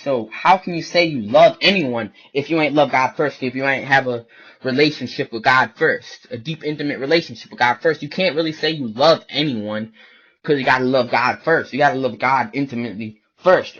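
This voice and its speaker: A man's voice: mid-range voice, a bit bright. A man delivering a blunt, profane, repetitive ranting monologue about faith. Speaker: online video preacher. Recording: dull lo-fi recording.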